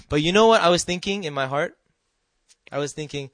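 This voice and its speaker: A man's voice: a little high, lively intonation, brisk, no room sound. Earnest man telling a personal testimony. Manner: storytelling, often asking the listeners "right?"; earnest and emotional, drops soft and quiet at tender moments. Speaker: speaker sharing a personal testimony. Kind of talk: personal testimony to a live audience.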